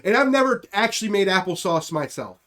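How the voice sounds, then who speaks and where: Young male comedy podcast host, high voice, riffs loosely and acts out bits. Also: big pitch swings, brisk, bright, forceful tone. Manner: riffing, acts out silly bits with put-on voices. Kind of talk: casual comedic chat.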